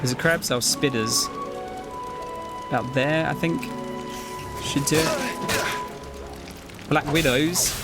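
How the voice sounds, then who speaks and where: A man's voice: fairly high pitch, slow pace, pauses often, loud music behind the voice. A man giving chatty, jokey gameplay commentary as a streamer, swearing now and then.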